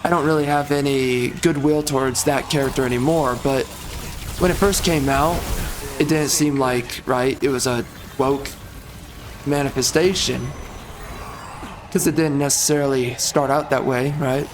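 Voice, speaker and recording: A man's voice: mid-range voice, fairly even intonation, measured pace, over music. A man ranting as he commentates over gameplay, exasperated and heated, repeating himself and swapping in mild stand-ins for curses.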